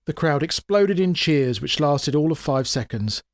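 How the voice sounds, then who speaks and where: A man reading his own comic fantasy story aloud in a wry, expressive way. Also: a little high, a little slow, no room sound, studio quality. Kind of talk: dramatic audiobook narration.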